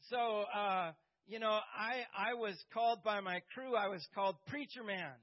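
A man, a pastor, telling a personal story to a group with halting speech, many fillers and dry humor. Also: high-pitched, lo-fi sound.

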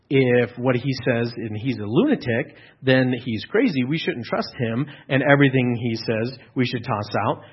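A man's voice: medium pitch, moderate pace, few pauses, husky, muffled recording. A man preaching an earnest teaching sermon, restarting phrases and adding fillers as he explains. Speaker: pastor.

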